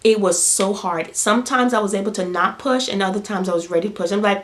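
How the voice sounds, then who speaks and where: This young mother's mid-range voice is steady and fast, with hardly any pauses. Addressing the camera, she relates a personal story casually and emotionally, close to tears, repeating words and using plenty of fillers.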